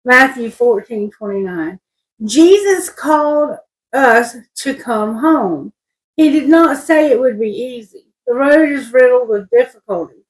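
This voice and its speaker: Woman doing a tarot reading, slow and rambly, kinda high voice, keeps restarting sentences. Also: lively intonation, poor audio. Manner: slow, rambling, self-correcting. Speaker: tarot reader. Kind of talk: casual spiritual reading.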